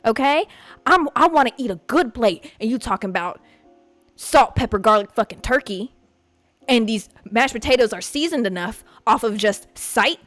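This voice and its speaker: A young woman hosts her podcast in a loose, profane rant, her voice sitting a little high. The sound is close and dry, with faint music under it. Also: moderate pace, no echo. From Puerto Rican family. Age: young adult. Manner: profane, animated, ranting. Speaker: podcast host. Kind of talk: casual storytelling monologue.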